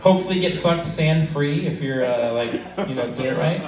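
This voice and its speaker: A middle-aged man tells crude, meandering stories on a club stage, filling gaps with ums and likes. His voice sits a little high and lands on the recording from afar with a roomy echo. A loud audience laughs in the background. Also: brisk, a crowd in the background. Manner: crude, rambling storytelling with frequent fillers. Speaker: stand-up comedian. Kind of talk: stand-up comedy set. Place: comedy club open mic. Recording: echoey club from a distance.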